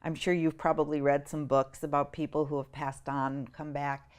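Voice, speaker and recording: A middle-aged woman appearing as an interview guest recounts a personal story with animation and emotion, acting out the voices of the people involved. Her voice sits low, smooth, at a normal speed.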